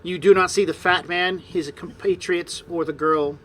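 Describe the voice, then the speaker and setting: A man's voice: high-pitched, fairly even intonation, moderate pace, pushed and bright. A man narrating a tabletop game as game master, describing scenes with frequent fillers.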